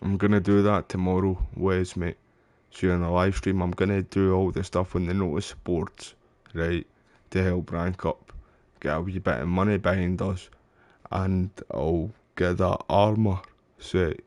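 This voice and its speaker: A man's voice: deep voice, flat delivery, a little slow, a little mellow, no echo. A Scottish man streaming a game live, chatting away and getting frustrated, calling his viewers mate and bro. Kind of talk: live gameplay commentary.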